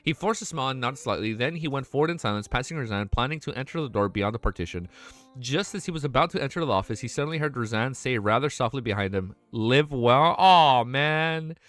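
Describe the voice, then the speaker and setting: With a mid-range, lively voice that's fast and a bit bright, a young streamer reads from a web novel. He interrupts himself constantly to gush, curse and call out "dude."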